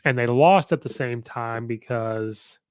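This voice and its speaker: A man's voice: medium pitch, unhurried, smooth, no echo, studio quality. A man hosting a podcast, giving casual, opinionated sports commentary and rattling off records with many fillers. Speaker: podcast host.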